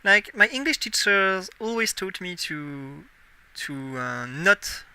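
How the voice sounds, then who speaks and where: Bright-voiced French-accented young streamer. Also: male voice, sits high, animated, takes it slowly, a little hiss or hum. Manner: musing aloud while playing, self-correcting. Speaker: game streamer. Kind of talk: casual live-stream commentary.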